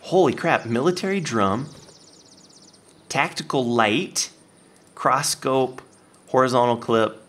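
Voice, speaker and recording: A man giving playful, animated let's-play commentary, talking to the game and his viewers and jumping up to excited yelps. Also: takes it slowly, long pauses. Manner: jumps to high excited yelps. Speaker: gaming YouTuber.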